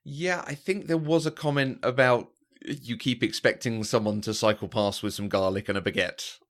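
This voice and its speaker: A man's voice: mid-range voice, steady tone, normal speed. A man co-hosting a podcast, chatting casually about a film and often restarting his sentences as he thinks. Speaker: podcast co-host.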